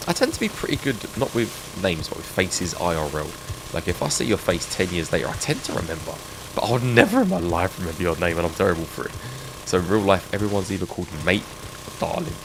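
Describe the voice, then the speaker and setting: Brief: middle-aged English male streamer, low gravelly voice, lively ups and downs, game noise behind. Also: quick pace. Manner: chatty, reminiscing with chat, laughs often. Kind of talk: casual live-stream chat.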